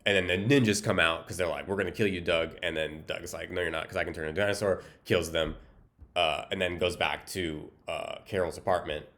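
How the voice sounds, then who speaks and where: A man with a very deep voice retells a movie plot in a loose, joking way. He rambles along in a deadpan tone and leans on plenty of "um"s and "like"s. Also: fairly quick. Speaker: movie recap host. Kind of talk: casual comedic film recap.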